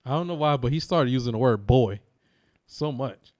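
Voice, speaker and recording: A young man co-hosting a wrestling podcast in casual, animated chat, swearing and laughing often. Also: mid-range voice, moderate pace. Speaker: podcast co-host.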